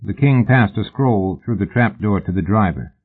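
A man narrating an audiobook in a measured, even storytelling manner. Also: lowish voice, slightly rough. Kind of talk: scripted narration. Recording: tinny phone-like audio.

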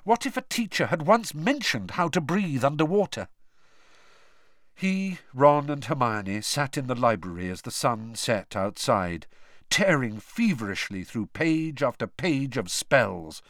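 A man narrating a novel as an audiobook in an expressive storytelling manner. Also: mid-range voice, a little slow, dry recording, clean studio sound. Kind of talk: scripted narration.

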